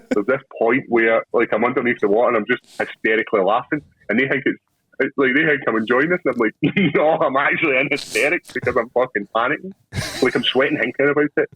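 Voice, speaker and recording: A Scottish man with a husky, slightly breathy voice, chatting casually on a podcast. He tells coarse, rowdy anecdotes and laughs through them. His voice sounds close and dry. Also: lowish voice, no room sound, narrow, tinny audio. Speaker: podcast co-host. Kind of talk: casual chat.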